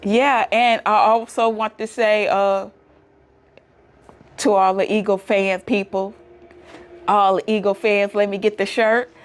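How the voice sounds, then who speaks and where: Woman vlogger, AAVE, casual to-camera chat, chatty and emotional, mid pitch. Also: flat delivery, measured pace, pauses often. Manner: chatty, emotional, laughs easily.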